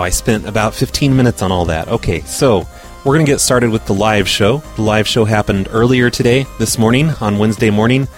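Man, radio prank caller, brash, profane, low voice, faint music behind. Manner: brash, profane, mock-official on calls. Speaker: prank call radio host. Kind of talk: casual radio talk and prank calling.

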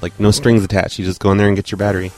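A man's voice: on the low side, steady tone, racing, a little mellow, faint music behind. A man co-hosting a show in casual chat, rambling and laughing easily. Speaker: podcast co-host.

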